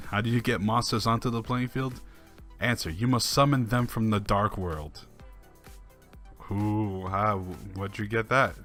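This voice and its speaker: A man with a fairly low voice reads forum posts out loud, then answers them with dry, sarcastic remarks. He chuckles now and then between the quotes. Soft background music runs underneath. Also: steady tone, unhurried. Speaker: online commentator. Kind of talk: reading forum posts aloud with sarcastic commentary.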